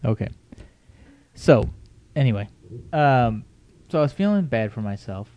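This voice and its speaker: A man's voice: mid-range voice, very animated, measured pace, warm tone, dull audio. A middle-aged man hosting a casual home podcast, rambling and joking at his own expense. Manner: rambling, self-mocking and jokey. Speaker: podcast host.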